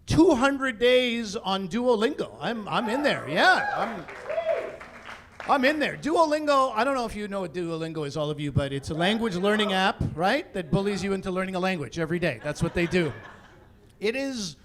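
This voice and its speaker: A high-voiced Canadian stand-up comedian performs an animated routine on a comedy stage before a live audience, with crowd noise audible. He speaks at normal speed, telling stories that build into mock-indignant rants.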